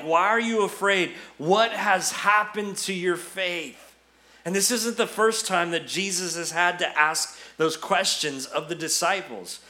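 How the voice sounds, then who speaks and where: A man's voice: fairly high pitch, sharp tone. A man giving an Easter sermon as pastor, conversational and storytelling with touches of humor.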